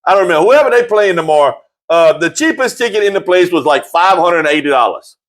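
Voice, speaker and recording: A fast-talking man hosts a casual sports talk show, animated and full of jokes. He repeats himself and his voice jumps up high whenever he gets excited.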